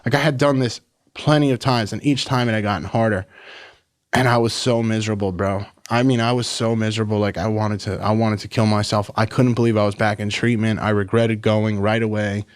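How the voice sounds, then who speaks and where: A man in his thirties from New York tells his story as a podcast guest, casual and blunt, with plenty of swearing and "bro". His voice sits on the low side. The recording is close and dry, with no room sound. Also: a little fast, dry recording. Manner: blunt, profane, animated retelling with lots of "like" and "bro".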